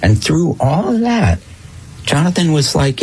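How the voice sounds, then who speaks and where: A man talks slowly in a husky voice, pausing often as he recounts something he saw firsthand. He speaks as a radio interview guest, reflective and halting. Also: fairly high pitch, sing-song, a little mellow, rough recording. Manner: reflective, halting, uses many fillers. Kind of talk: conversational interview.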